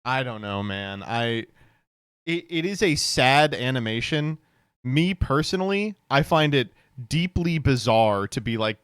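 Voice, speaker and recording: A man's voice: medium pitch, lively intonation, unhurried, fairly bright tone, clear, resonant tone, dry recording, studio quality. A young man streaming, giving sardonic, incredulous reaction commentary with laughing asides.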